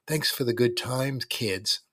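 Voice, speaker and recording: A man voicing a cocky teenage boy bully who taunts the younger kids in a smug, drawn-out way. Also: medium pitch, a bit bright, dry recording, clean studio sound, recorded from a distance. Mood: smug taunting.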